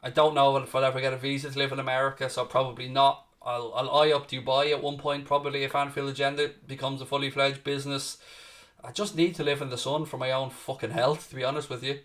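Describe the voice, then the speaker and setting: Talking fast in a flat, fairly bright mid-range voice, this Irish host keeps up casual live-stream chat during a football watchalong. He answers viewers' questions and calls them "mate."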